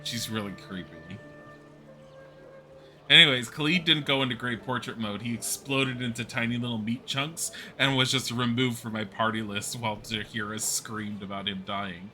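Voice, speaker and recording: Bright-voiced man streaming a game. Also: mid-range voice, moderate pace, faint music behind. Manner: casual, chatty, with fillers. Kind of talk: live gameplay commentary.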